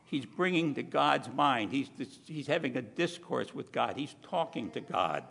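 Gravelly preacher man in a reverberant hall. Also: medium pitch, lively intonation, a bit bright. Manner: conversational preaching with frequent asides; emphatic, slows down to stress key words. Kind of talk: sermon.

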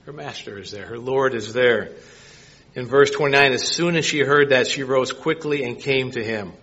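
A man's voice: mid-range voice, moderate pace, a bit bright, slightly rough, lo-fi sound. A man preaching a sermon, reading scripture and asking his listeners rhetorical questions. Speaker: pastor.

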